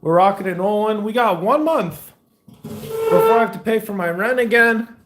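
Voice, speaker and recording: High-voiced young man vlogging from his kitchen. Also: normal speed, slight background noise. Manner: loose, rambling, talks while fixing food. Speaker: faith vlogger. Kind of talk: casual vlog chat. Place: home kitchen. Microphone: phone held in one hand.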